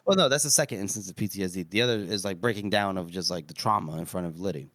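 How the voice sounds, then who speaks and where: A man co-hosts a casual book discussion, retelling the plot step by step and pausing often on "uh". His voice sounds dry and close, with no room around it. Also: low-pitched, fairly bright tone, no echo. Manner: recaps the plot, hesitant with many "uh"s. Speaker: podcast co-host.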